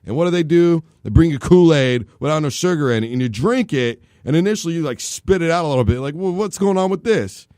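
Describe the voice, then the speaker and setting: Animated man hosting sports radio. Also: a little high, fast talker, few pauses, dry recording, clean studio sound. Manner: animated, jokey, tells long comic analogies. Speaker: sports talk show host. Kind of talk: casual sports radio talk. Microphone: studio microphone.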